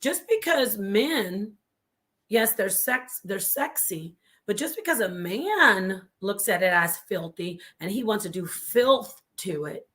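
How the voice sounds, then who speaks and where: Woman talking fast and fired up on a show, bright edgy tone, preachy, whispers the big points. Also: medium pitch, animated. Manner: passionate, preachy, drops to a whisper for emphasis. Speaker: guest, former member of a religious group. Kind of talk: emphatic talk-show storytelling.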